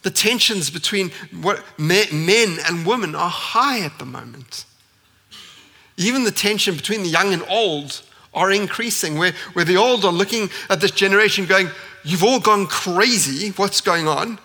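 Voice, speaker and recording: A man's voice: high voice, moderate pace, sharp tone, big-room sound. A man preaching a sermon in church as pastor, earnest and building emphasis with repeated phrases. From South Africa.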